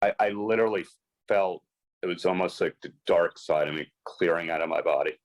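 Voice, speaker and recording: Very deep-voiced man telling a story. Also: fairly quick, no echo, low-quality recording. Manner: emphatic, earnest storytelling with quoted dialogue. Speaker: podcast guest, sports and celebrity agent. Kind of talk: personal recovery story told in conversation.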